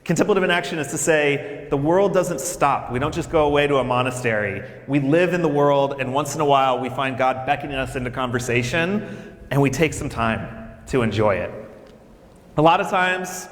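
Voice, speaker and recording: Guy giving a chatty storytelling talk to freshmen, mid-pitched voice, big roomy hall. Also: normal speed. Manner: lively, conversational, storytelling, addresses the audience directly. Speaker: campus minister for faith and justice. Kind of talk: speech to incoming freshmen at orientation. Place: large hall. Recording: echoey hall with long reverb.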